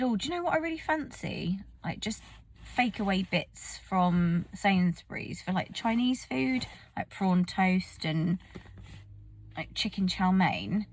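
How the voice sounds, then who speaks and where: A woman talks to her vlog camera from the seat of a parked car. She is chilly and keeps yawning, and she pokes fun at herself in a chatty, easy way. Her pitch sits in the middle for a woman. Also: no echo. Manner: chatty, self-mocking, talks straight to camera. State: cold and yawning. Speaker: vlogger. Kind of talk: casual vlog chat.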